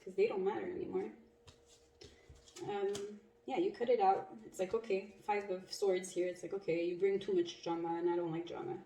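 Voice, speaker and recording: A woman's voice: mid-range voice, flat delivery, moderate pace, dark tone. A woman giving a casual, blunt tarot reading, swearing freely and laughing often. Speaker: tarot reader. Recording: echoey room, mic at a distance, faint noise.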